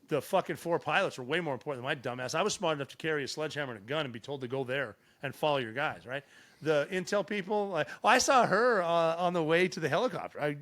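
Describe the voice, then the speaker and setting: A middle-aged man from Montana, a podcast guest telling stories in casual chat with plenty of swearing. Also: a little high. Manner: profane, animated storyteller. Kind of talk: casual storytelling.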